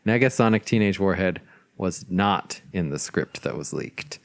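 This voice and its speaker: A man's voice: deep voice, lively intonation, moderate pace, vocal fry. A man co-hosting a podcast, giving short reactions and side notes. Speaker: podcast co-host. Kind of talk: casual podcast chat.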